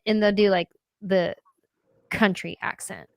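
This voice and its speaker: A woman's voice: medium pitch, moderate pace, a bit bright, clean tone, no echo. A woman hosting a live-streamed interview, bubbly and playful, laughing easily. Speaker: host.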